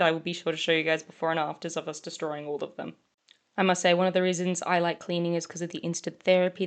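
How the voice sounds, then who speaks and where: A young woman from Australia with a mixed English and Australian accent, narrating her own vlog in a chatty, rambling, self-deprecating way. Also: fairly low pitch. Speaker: vlogger. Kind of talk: casual voice-over narration.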